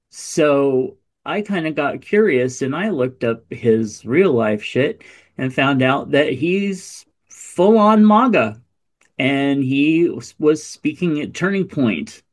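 A man in casual conversation, voice sitting in an ordinary middle register. He talks with animated exasperation, swears freely and often trails into asides. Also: medium pitch. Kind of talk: casual political chat.

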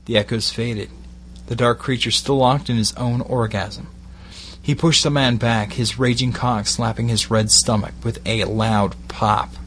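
A Glaswegian man narrating an erotic story in a measured, steady delivery with short phrased pauses. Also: mid-range voice, slight background noise.

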